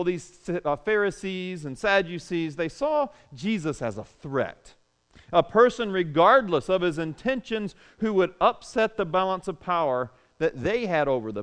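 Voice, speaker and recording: A pastor preaching an animated sermon, full of rhetorical questions, moving between loud and soft. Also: male voice, sits high, clear, resonant tone.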